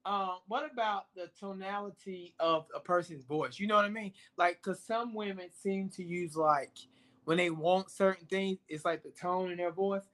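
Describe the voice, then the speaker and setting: A man on a casual podcast who leads the talk with questions. His voice sits high. It has a bright, tense ring to it. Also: normal speed. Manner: curious, leading the questions. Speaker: podcast co-host asking questions. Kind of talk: casual chat.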